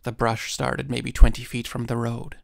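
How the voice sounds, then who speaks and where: A man narrating a first-person encounter story in a measured storytelling manner with dry asides. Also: medium pitch, level tone, gravelly, no echo.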